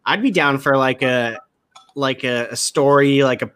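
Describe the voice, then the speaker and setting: A man's voice: mid-range voice, measured pace, fairly bright tone, clear, resonant tone, no echo. A young man co-hosting a podcast, talking casually with slang and lots of fillers. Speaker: podcast co-host. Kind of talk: casual chat.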